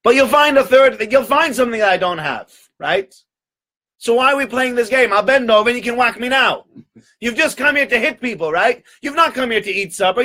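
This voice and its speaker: A man's voice: very high-pitched, pitched above the performer's own voice. A man voicing a poor man who boldly confronts a cruel nobleman. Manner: brazen, pleading, then shouting. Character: bold, defiant poor Jewish man.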